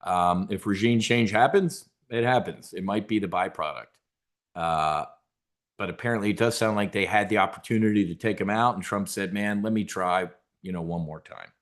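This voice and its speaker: Rambling, low-voiced market commentary man. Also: moderate pace, fairly bright tone. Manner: rambling, repeats words, folksy asides to viewers. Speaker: trading show host.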